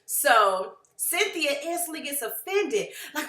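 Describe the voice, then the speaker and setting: A woman casually recapping a reality show, acting out what the cast said in lively voices. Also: high-pitched, a little slow, few pauses, roomy sound. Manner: animated, acts out quotes of the cast.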